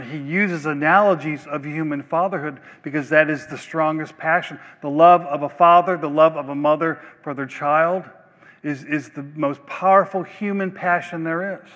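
Pastor, male, slightly high voice, deliberate emphatic delivery, church hall reverb. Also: fairly bright tone. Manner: slow, emphatic preaching with long pauses. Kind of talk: sermon. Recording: long reverb of a large hall.

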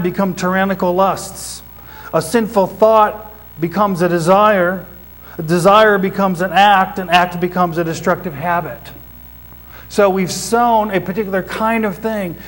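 A man with a notably high-pitched voice preaches to a congregation in church. He teaches point by point and often turns to his listeners with questions. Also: rough recording. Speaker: pastor. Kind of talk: sermon.

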